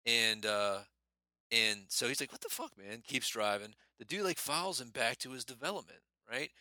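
A man's voice: medium pitch, moderate pace, pushed and bright, dry recording. A man co-hosting a podcast, telling a story with lots of swearing and laughter in casual banter. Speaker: podcast co-host.

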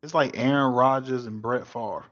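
A man's voice: mid-range voice, fairly even intonation, normal speed, a bit bright. A man co-hosting a casual sports podcast, talking in a laid-back way and dropping "bro" into his asides. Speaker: podcast co-host. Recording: dull lo-fi podcast audio.

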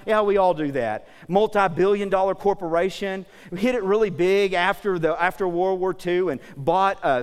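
High-voiced preacher in an echoing hall. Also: male voice, clean tone. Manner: conversational preaching, asks the congregation questions. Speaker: pastor. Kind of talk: sermon.

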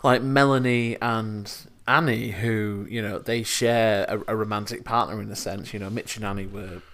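A man's voice: fairly low pitch, steady tone, moderate pace, fairly bright tone. A man co-hosting a casual film podcast, thinking aloud as he searches for words. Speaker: podcast co-host.

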